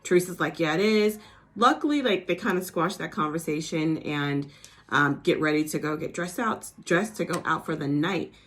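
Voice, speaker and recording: A woman's voice: low voice, moderate pace, a bit bright. A woman chatting casually as she recaps a reality TV episode, full of "like" and "you know", now and then acting out cast members in a mock New Jersey accent.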